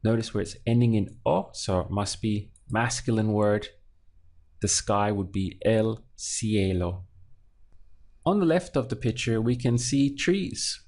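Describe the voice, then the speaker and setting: A man teaching a language lesson, explaining patiently, slowing down and repeating each word. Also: on the low side, darkish tone. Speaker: Spanish teacher.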